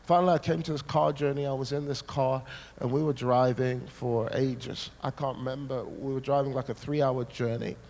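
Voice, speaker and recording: Male preacher with a raspy gravelly edge, telling stories in a big dramatic way. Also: mid-range voice, moderate pace. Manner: dramatic, animated storytelling. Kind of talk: sermon storytelling.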